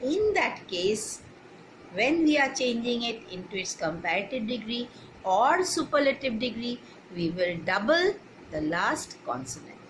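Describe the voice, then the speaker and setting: A woman's voice: a little high, sing-song, a little slow, noisy background. A woman teaching English grammar to children, spelling words out letter by letter and checking that they follow.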